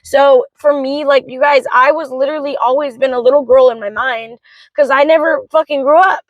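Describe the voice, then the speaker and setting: A woman's voice: high voice, fairly even intonation, a little fast, no room sound, muffled recording. A young woman and mother venting in an emotional vlog, talking frankly with plenty of swearing. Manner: vents in a frank, swearing rush. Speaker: vlogger, mother of three.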